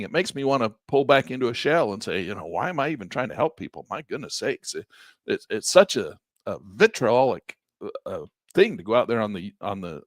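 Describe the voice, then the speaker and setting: A man's voice: mid-range voice, dry recording, clean studio sound. A man hosting an investing channel, talking casually and emphatically to his viewers, often repeating himself.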